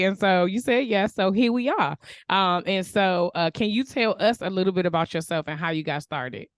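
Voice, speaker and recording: A woman hosting a podcast in casual, animated chat, laughing often and speaking colloquially. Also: on the low side, brisk, no echo, clean studio sound. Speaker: podcast host.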